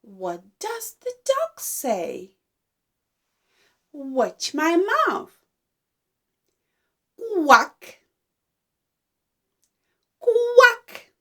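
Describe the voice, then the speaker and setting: A woman teacher guides babies through a slow, gentle lesson, drawing out each simple sound with exaggerated repetition. Her high voice swoops widely in a sing-song way, and she praises warmly between sounds. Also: huge pitch swings. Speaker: baby-class teacher.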